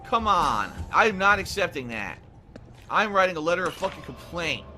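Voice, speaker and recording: A man protests loudly at what a game shows him, repeating himself in disbelief. His voice runs high, and game music plays under him. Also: very animated, normal speed. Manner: indignant, exclaiming, repeating himself. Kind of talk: gaming reaction commentary.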